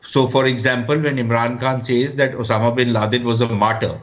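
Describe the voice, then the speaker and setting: A man's voice: mid-range voice, steady tone, brisk. Combative man on a dull feed. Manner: blunt and combative. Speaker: panelist. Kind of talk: heated TV debate.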